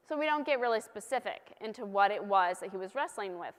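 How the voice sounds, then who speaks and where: A woman preaches in an easy, conversational way, slipping into jokey asides and then pressing hard on her points with repeated words. Her voice sits a little high, and it rings through a church with a long, lingering reverb. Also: fairly quick, hardly any pauses, fairly bright tone, clear, resonant tone. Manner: conversational, playful, emphatic repetition. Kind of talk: sermon.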